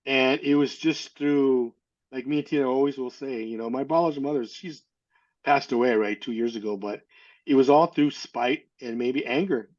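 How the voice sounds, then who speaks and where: A man's voice: medium pitch, moderate pace, a little mellow. A middle-aged man telling a personal story in an interview, candid and earnest, often stopping to restart and repeat his words. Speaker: interview guest. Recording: slightly dull lo-fi audio.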